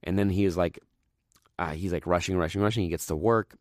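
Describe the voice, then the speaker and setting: A young man with a very deep, low voice talks in a loose, rambling way, full of "like" and "um". He retells stories with eager energy and sinks into a hushed mutter whenever he quotes someone. The sound is dry and close, with no room around it. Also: brisk, dry recording. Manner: rambling, many fillers, drops into low quiet voice for quotes. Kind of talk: casual chat, retelling stories.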